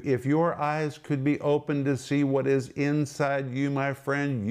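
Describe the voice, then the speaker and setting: A man's voice: mid-range voice, unhurried, darkish tone. A middle-aged man teaching the Bible on a ministry program, emphatic, repeating questions and explaining Greek words.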